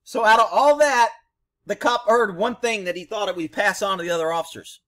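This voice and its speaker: A former police officer talks over footage, blunt and profane, mixing commentary with his own war stories. His voice sits a little high for a man. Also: fairly quick, fairly bright tone. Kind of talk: casual video commentary.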